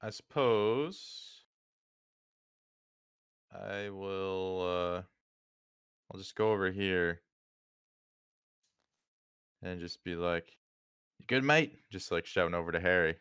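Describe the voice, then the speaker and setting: Deep, smooth, slow-talking male player. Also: fairly even intonation, a bit bright, dry recording. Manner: unhurried, hesitant, with many ums. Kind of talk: casual tabletop play and narrating his character. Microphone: online voice call.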